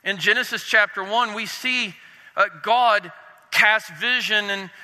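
A man preaching a sermon with drama, dropping his voice low and soft to stress points. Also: big-room sound, poor audio. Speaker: pastor.

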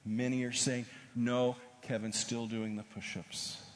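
A male preacher telling an animated story in a sermon, recorded in a large hall. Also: fairly low pitch, moderate pace. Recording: echoey hall with faint noise.

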